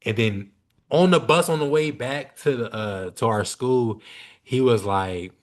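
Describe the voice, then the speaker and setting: A man's voice: mid-range voice, a little slow. A young man chatting casually as a podcast guest, telling a story with lots of slang and swearing. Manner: animated, slangy, swears freely.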